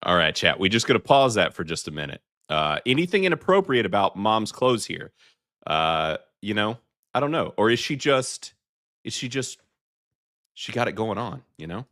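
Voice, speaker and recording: Bright-voiced Southern man rambling on a live show. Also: on the low side, very animated, moderate pace, dry recording, studio quality. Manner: rambling, chatty, lots of fillers and restarts. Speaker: podcast host. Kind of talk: live commentary reacting to clips for chat.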